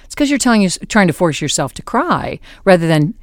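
This podcast host speaks in a lowish female voice at a brisk pace, captured in a studio-quality recording without echo. Her anecdotal talk is full of laughter, and she animatedly performs the lines of each character in her story.

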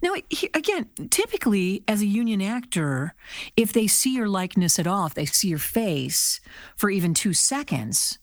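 A woman's voice: medium pitch, sing-song, normal speed, no echo. Chatty woman host, dry sound. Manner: chatty, curious questioner. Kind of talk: casual interview.

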